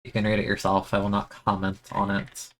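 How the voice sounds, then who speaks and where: A young man streaming a video game, chatting excitably and self-mockingly, often stammering and repeating words. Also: on the low side, brisk. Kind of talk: casual gameplay commentary.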